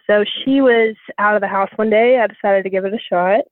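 A woman's voice: mid-range voice, a little fast, no room sound. Female caller, 30s, chatty and candid, phone-line sound. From Savannah, Georgia, US. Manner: candid, chatty, lots of fillers. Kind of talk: telling her story on a call-in show. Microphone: phone call.

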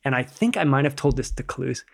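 A rock climber guesting on a podcast tells stories in loose, casual chat, swearing freely, laughing along and stringing phrases together with "like." His mid-range voice is animated, a little fast and creaky.

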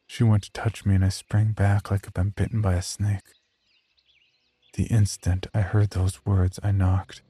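A man narrating a horror story in the first person, grim and measured. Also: lowish voice, vocal fry, warm tone, husky.

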